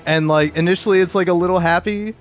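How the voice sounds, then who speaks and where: Young guy kinda higher voice rambling about games, laughs a lot, quiet music behind. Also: steady tone, fast. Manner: rambling, laughs often, many fillers. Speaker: video game commentator. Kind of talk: casual rambling commentary.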